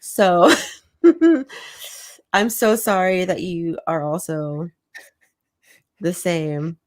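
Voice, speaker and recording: A woman's voice: lowish voice, extremely slow, a little mellow. A woman co-hosting a casual chat show, rambling and self-deprecating, laughing often as she talks. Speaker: podcast co-host.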